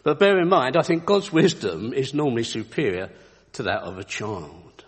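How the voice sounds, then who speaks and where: Man, earnest devotional storyteller, husky voice, lively pitch, long reverb. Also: normal speed. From United Kingdom. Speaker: Christian speaker. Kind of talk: devotional talk with anecdotes.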